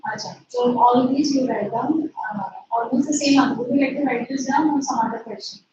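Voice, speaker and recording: A woman's voice: high voice, fairly quick. A woman teacher dictating an answer to her class, repeating phrases and spelling words out. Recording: echoey, distant, muffled with noise.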